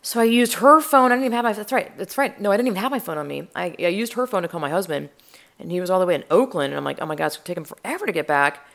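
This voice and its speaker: A woman's voice: medium pitch, lively intonation, very fast, gravelly. A woman chatting casually, rambling and swearing as she tells a story, with lots of fillers and restarts. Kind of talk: casual chat.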